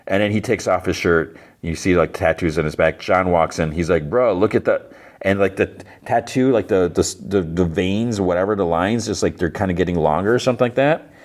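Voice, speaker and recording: A man with a low, deep voice rambles through a TV episode recap, loose and full of fillers. He talks like a podcast host chatting with listeners. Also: fairly quick. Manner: rambling, filler-heavy retelling of scenes.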